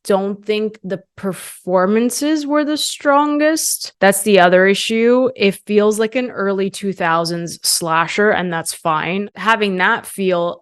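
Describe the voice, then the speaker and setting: A woman's voice: mid-range voice, a little slow, few pauses, smooth. A young woman hosting her own channel, giving a chatty and enthusiastic movie review with many casual fillers. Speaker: film reviewer, channel host.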